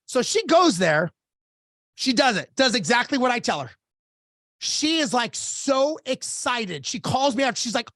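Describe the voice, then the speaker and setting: A middle-aged man, a business coach and podcast guest, telling a story in a casual interview in a blunt, animated way, acting out both sides of the dialogue. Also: extremely high pitch, measured pace, no echo, studio quality.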